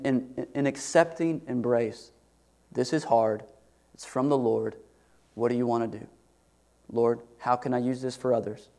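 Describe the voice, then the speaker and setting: A man's voice: mid-range voice, a little mellow. A man preaching a sermon as pastor, earnest and conversational, asking the congregation rhetorical questions.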